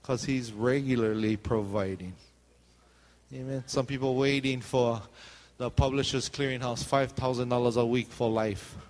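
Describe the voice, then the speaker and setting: A man's voice: mid-range voice, steady tone, moderate pace, darkish tone, big-room sound. A man preaching a sermon as pastor, joking and calling out for responses from the congregation. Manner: joking, calls out for "amen" responses.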